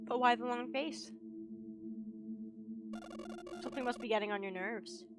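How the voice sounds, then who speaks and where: A sly, sweet-talking presence in a horror game, falsely caring and quick with its reassurances, read out by a woman in a fairly high voice. The lines tumble out fast over steady game music. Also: lightly acted. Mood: coaxing.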